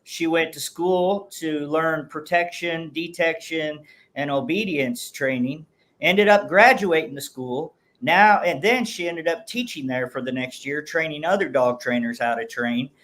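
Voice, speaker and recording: A man tells a long, rambling story in a casual podcast chat. His voice sits a little high for a man. He often restarts his sentences. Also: unhurried, fairly bright tone, low-quality recording. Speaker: guest dog trainer and breeder.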